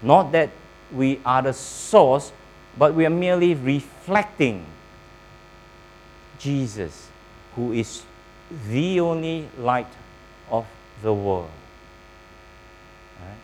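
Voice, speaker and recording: Slow, deliberate male preacher. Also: mid-range voice, expressive, a little mellow, slight background noise, low-quality recording. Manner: preaching with pauses, quizzing the congregation. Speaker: pastor. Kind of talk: sermon.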